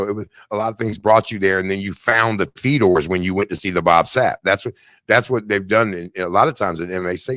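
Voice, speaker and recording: A man's voice: on the low side, a bit bright, no room sound. Loose, rambling man hosting a chat. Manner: loose, rambling, restarts often. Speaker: show host and fighter. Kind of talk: casual interview chat.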